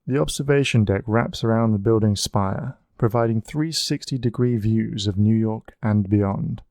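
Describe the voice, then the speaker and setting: Mellow-voiced male storybook narrator. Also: lowish voice, moderate pace, dry recording, clean studio sound. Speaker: audiobook narrator.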